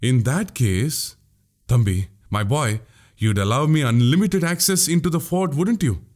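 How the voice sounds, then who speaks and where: A man's voice: medium pitch, animated, unhurried, darkish tone, natural voice. A man voicing a crafty older male spy in an audiobook, needling and mocking with pointed questions. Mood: teasing. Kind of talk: audiobook character voice.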